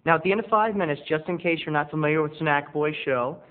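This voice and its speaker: Man's slightly high voice over tinny lo-fi audio. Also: fast talker. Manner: rambling, self-mocking, breaks into quoted voices. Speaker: video blogger. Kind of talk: confessional comic monologue. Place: home bedroom studio.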